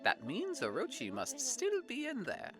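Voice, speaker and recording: A woman's voice: sits high, huge pitch swings, unhurried, pitched above the performer's own voice, heavily acted. A woman voicing a suave male prophet with showy French flair, reading game dialogue aloud with smug theatrics.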